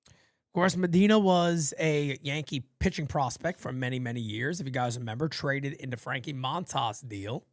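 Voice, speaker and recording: A man hosting a casual live fan play-by-play, rambling and swearing between pitches. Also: normal speed, no echo, studio quality. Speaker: play-by-play host of a fan channel.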